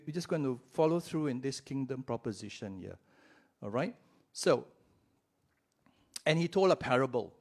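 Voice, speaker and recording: A man delivering a sermon in a church, speaking at an unhurried, deliberate pace. His voice sits a little high for a man, and he keeps the talk conversational, checking in with his listeners and stretching out the words he wants to stress. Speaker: pastor.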